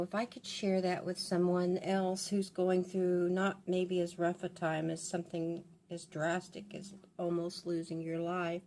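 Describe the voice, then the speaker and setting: A woman's voice: lowish voice, mellow. Older female beauty vlogger, rambling and confessional as she styles her hair, faint noise behind. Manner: rambling and confiding, with many restarts. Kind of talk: casual chat while doing her hair.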